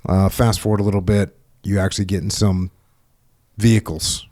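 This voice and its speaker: Podcast host, low-pitched man, reads excerpts with animated quotes. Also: normal speed. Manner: reads quoted dialogue with lifted voice, chuckles often. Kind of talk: podcast interview, reading book passages aloud.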